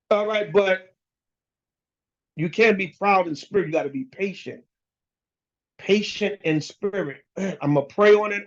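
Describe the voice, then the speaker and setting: High-voiced blunt preacher man, lo-fi. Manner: emphatic, blunt, slangy, talks straight to listeners. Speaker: preacher teaching scripture. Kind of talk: casual street-style sermon. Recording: dull lo-fi recording.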